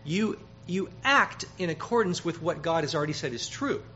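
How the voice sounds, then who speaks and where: A man preaching a sermon, emphatic, growing loud when he quotes scripture and often repeating words. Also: on the high side, expressive, moderate pace. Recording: dull, slightly noisy sermon recording.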